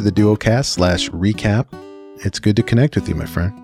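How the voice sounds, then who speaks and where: A middle-aged man hosting a podcast in casual chat, chatty and laughing often, trailing off into softer asides. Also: lowish voice, normal speed, gravelly, music in the background. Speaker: podcast host.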